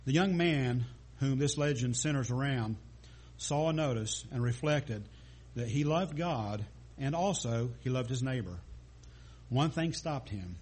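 A man's voice: medium pitch, animated, unhurried, darkish tone, husky. A man preaching a sermon, telling a story with small stumbles and restarts.

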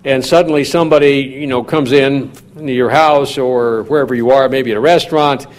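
A man preaching a sermon in a measured, teaching manner, putting questions to his listeners. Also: medium pitch, fairly even intonation. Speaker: pastor.

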